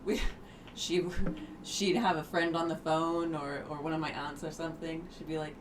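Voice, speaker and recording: A woman's voice: low voice, flat delivery, normal speed, noisy background. A woman co-hosting a podcast, chatting in a playful, jokey way and laughing easily. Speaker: podcast co-host. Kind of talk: casual chat.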